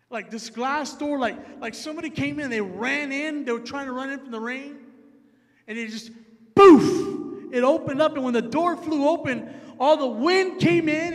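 A male preacher telling a story in a sermon, animated and dropping into low, quiet asides, with a long hall reverb.

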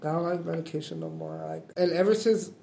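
A young man with a deep, raspy voice from smoking, talking casually in an interview, halting and repeating himself with lots of "like". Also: huge pitch swings, mellow, slight background noise. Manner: halting, repeats words, says "like" often. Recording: roomy echo.

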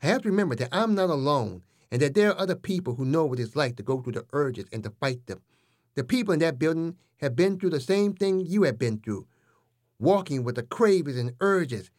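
A man voicing a young woman who is a nervous cannibal girlfriend, speaking in a high, fluttery, matter-of-fact way. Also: animated, a little fast, a little mellow. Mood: self-coaching.

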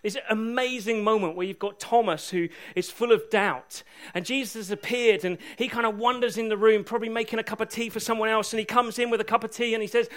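A male preacher delivering a sermon with lively, humorous storytelling. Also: high voice, quick pace, few pauses.

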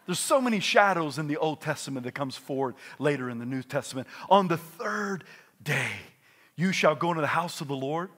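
A male pastor delivering a sermon in a high, bright voice. He moves from hushed asides to loud, fervent outbursts and keeps the congregation engaged. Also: fairly quick. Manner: animated, swings from quiet asides to loud exclamations.

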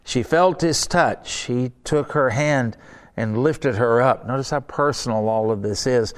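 A man's voice: measured pace, clean tone. A middle-aged man preaching a sermon, reading scripture aloud and urging his listeners on with earnest emphasis. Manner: earnest, emphatic, rises in pitch when urging.

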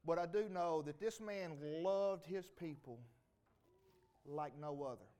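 Hombre sureño de mediana edad, testimonio en la iglesia, voz aguda, clara y resonante, habla campechana y divagante. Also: male voice, sits high. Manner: folksy, rambling, with many restarts. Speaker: church member giving a homecoming testimony. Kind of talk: homecoming testimony to a congregation. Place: church sanctuary.

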